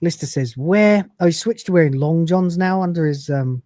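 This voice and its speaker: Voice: medium pitch, fairly quick, no room sound. A podcast host from the UK casually recapping a TV episode, quoting lines and laughing along. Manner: animated storyteller, quotes dialogue with a laugh.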